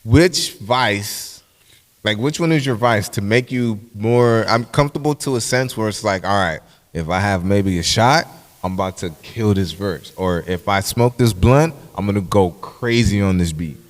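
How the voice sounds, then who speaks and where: A man hosting a podcast in casual chat, animated and profane, slipping into playful voices of his friends. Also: fairly low pitch, moderate pace, big-room sound. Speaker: podcast host.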